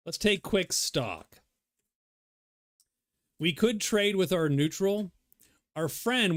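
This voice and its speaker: A man's voice: on the high side, dry recording, clean studio sound. A man thinking aloud as he plays a solo board game, rambling and muttering to himself. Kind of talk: casual solo playthrough commentary.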